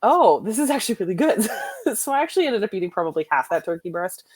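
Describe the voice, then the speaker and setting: A woman from Canada, a guest on a casual chat, telling relaxed stories and laughing at them. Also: mid-range voice, fast, breathy edge, no echo.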